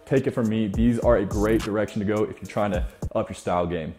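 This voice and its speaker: A man's voice: fairly low pitch, fairly even intonation, quick pace, a little mellow, soft background music. A young man hosting an advice vlog, talking to his viewers in a confident, upbeat way. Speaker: vlogger giving self-improvement advice. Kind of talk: energetic direct-to-camera advice vlog.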